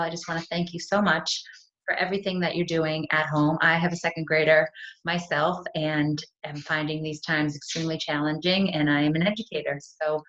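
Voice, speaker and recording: A middle-aged woman who works as a school curriculum coordinator walks parents through spelling strategies in a friendly, conversational way, often asking "right?" Her voice is deep with a fairly bright tone, and the computer audio sounds dull and lo-fi.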